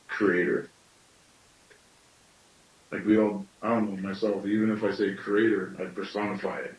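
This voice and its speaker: Storyteller, male, late thirties, slightly deep, musing teaching talk, recorded far off in an echoing room. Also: a little mellow. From Canada. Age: late 30s. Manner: thoughtful, with self-questioning asides.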